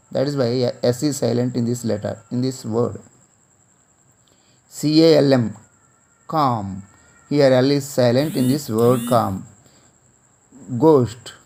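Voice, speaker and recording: A man's voice: medium pitch, vocal fry, a little mellow. A man from India teaching an English class with an Indian English accent, spelling words letter by letter and repeating each one.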